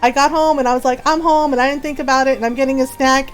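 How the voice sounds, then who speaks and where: High-voiced woman telling a story. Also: a little fast. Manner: animated, laughing, lots of "right?". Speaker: gaming streamer. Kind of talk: casual storytelling chat. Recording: faint music behind.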